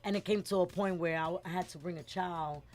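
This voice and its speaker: A middle-aged woman, telling a lively story as a guest in a casual interview and acting out the voices of the people in it. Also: on the low side, quick pace, faint music behind. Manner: animated, acts out quoted voices, switches between English and Spanish words.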